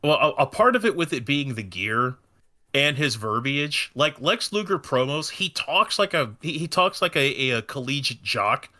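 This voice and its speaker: Bright, animated man, halting delivery. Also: medium pitch. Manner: halting, many restarts. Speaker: podcast guest. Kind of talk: casual chat.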